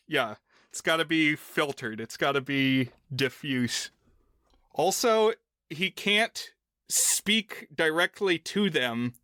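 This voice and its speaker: A man's voice: a little high, pushed and bright, dry recording, studio quality. A man co-hosting a film podcast, casually walking through a movie's plot and rules at length. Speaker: podcast co-host.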